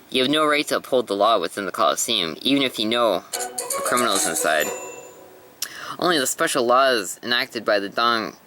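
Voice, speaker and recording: A man's voice: mid-range voice, pushed and bright, rough recording. A man voicing a cheeky, fussy male toy soldier in a casual manga read-aloud.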